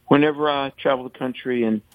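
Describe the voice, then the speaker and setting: A man from the American South with a Southern accent, a radio guest telling lively anecdotes. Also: medium pitch, fast talker, no echo, phone-quality sound. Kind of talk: storytelling on radio.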